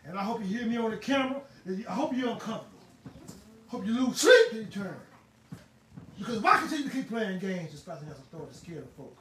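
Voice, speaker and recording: A man preaching a sermon in a fervent, emphatic way, now and then bursting into shouts. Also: high-pitched, sing-song, fast. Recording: roomy, distant mic, faint ambient noise.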